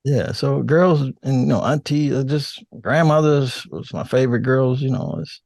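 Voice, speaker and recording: An older man with a deep, calm radio voice, chatting casually as a podcast guest, relaxed and laughing, with halting restarts. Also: vocal fry, dry recording, clean studio sound. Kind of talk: casual interview chat.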